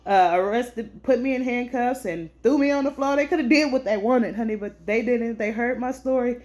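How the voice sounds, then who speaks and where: Indignant woman telling a story, fairly high. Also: normal speed. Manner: animated, indignant storytelling, calls listeners honey. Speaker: veteran vlogger. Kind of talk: recounting an incident to camera.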